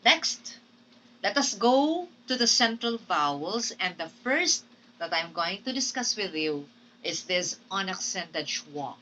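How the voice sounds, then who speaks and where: A woman's voice: medium pitch, sing-song, slow, pushed and bright, recorded from a distance, a little hiss or hum, poor audio. A Filipino woman teaching English phonetics in a recorded lecture, drilling example words and often checking in with "Okay?". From Philippines.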